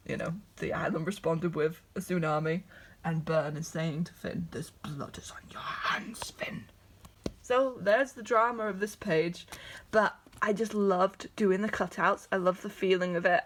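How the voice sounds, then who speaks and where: Excitable, scattered young woman chatting. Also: on the low side. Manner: excitable, scattered, self-interrupting. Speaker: artist showing her sketchbook. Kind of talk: casual chatty vlog narration.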